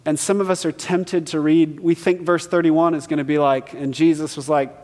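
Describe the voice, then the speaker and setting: A man's voice: a little high, steady tone, normal speed, a little mellow. A man preaching a sermon as pastor, earnest and emphatic, reading scripture aloud and explaining it. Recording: reverberant hall.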